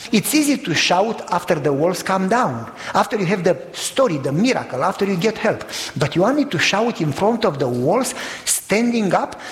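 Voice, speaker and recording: A man preaching a sermon in an animated storytelling manner, exclaiming and acting out voices. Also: high voice. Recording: long reverb of a hall.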